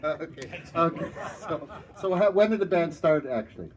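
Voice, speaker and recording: A man's voice: fairly high pitch, animated, moderate pace, over a noisy crowd, poor audio. A Canadian man hosting a casual interview on a front porch, friendly and often stumbling over repeated words. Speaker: talk show host.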